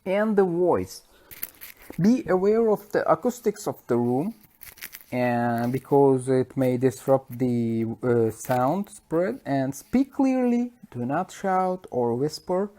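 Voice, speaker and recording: A man with a Turkish accent lectures to his class at a middling pitch. His voice sounds warm and mellow. He talks loosely and conversationally, with frequent fillers and restarts. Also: expressive, takes it slowly. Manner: conversational, many fillers and self-corrections. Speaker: university lecturer. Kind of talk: recorded lecture. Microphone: self-recorded lecture mic.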